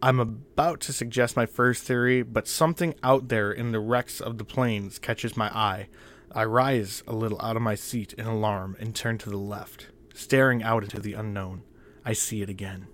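A man narrating a first-person horror story in a measured, tense, often quiet way. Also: on the low side, fairly even intonation.

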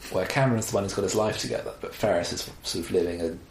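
A man chatting casually about films, animated and wry, with exasperated asides. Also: deep voice, racing, vocal fry. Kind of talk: casual film chat. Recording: roomy echo, faint background noise.

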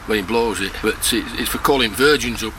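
A man's voice: lowish voice, fairly quick. A man, a farmer telling blunt, earthy rural jokes outdoors and laughing at his own punchlines. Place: outdoors on a farm in mud and mist. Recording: field recording with background noise.

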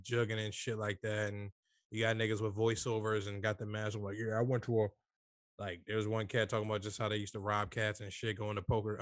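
A man's voice: on the low side, a bit bright, dry recording, clean studio sound. Rambling man in loose casual chat. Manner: rambling, loose, lots of fillers and swearing.

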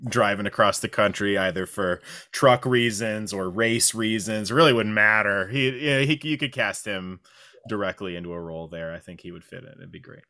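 A man's voice: on the low side, moderate pace, bright, forceful tone. A man co-hosting a fan podcast, asking playful questions with rambling asides. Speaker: podcast co-host. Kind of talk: casual interview chat.

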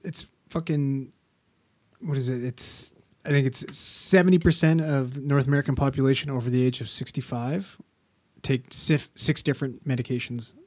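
A man chatting bluntly on a podcast, swearing as he talks and often sinking to a low, quiet delivery. His pitch is ordinary, in the middle for a man. The recording is dry and close. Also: fairly even intonation, moderate pace, no echo. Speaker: podcast co-host. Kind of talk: casual podcast chat.

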